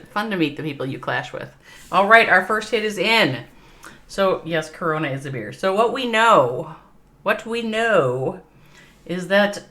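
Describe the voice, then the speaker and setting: This woman's pitch is fairly low and her tone bright and forceful. An esports caster with a Minnesota accent, she comments on a game during a livestream, talking with viewers and laughing a lot.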